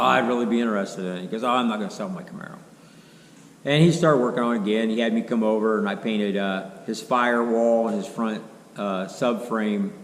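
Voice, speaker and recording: Folksy man telling a car story. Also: fairly low pitch. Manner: rambling, folksy, quotes others in dialogue. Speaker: car restoration vlogger. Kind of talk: casual storytelling to camera. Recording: roomy echo, faint background hum.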